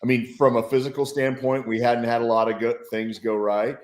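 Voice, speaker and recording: A man's voice: mid-range voice, flat delivery, brisk, roomy sound. A male football analyst, a guest on a sports show, talking with enthusiasm and reflecting on a game. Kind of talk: casual sports talk.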